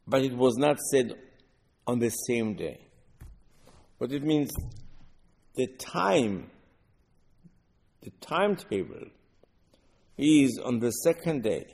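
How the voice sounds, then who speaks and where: A man giving a Torah lesson, explaining verses line by line in halting non-native English mixed with Hebrew. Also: mid-range voice, big-room sound. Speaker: Torah teacher.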